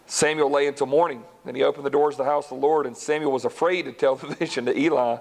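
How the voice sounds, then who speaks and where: A pastor with a gravelly, mid-range voice preaches a sermon in church, reading Scripture and retelling it in a relaxed, folksy way. While telling the story, he slips into quick voices for the characters.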